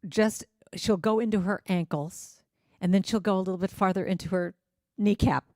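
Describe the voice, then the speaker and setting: A middle-aged woman speaking to a spiritual congregation in a relaxed, conversational way. She is lively and keeps slipping into sung lines and acted-out quotes. Her voice sits at an ordinary pitch, and the sound is dry and close. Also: moderate pace, dry recording. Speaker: guest musician and speaker. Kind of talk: casual spiritual talk.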